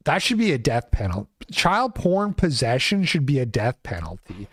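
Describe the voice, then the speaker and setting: A man's voice: mid-range voice, very animated, normal speed, hardly any pauses, fairly bright tone, slightly rough, no echo, clean studio sound. A man hosting his own show, ranting in casual commentary with a sarcastic edge. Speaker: show host.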